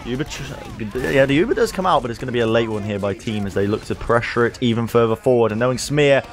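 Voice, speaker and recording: Excitable male esports play-by-play caster. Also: fast. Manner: energetic, climbs in pitch on big plays, jokey asides. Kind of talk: play-by-play commentary.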